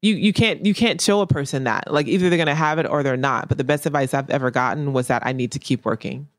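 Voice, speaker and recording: A woman's voice: a bass voice, quick pace, no echo. Straight-talking woman artist, hammers the same point over and over, dry close mic. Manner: blunt and emphatic, repeats key phrases. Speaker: painter being interviewed. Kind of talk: candid casual interview talk.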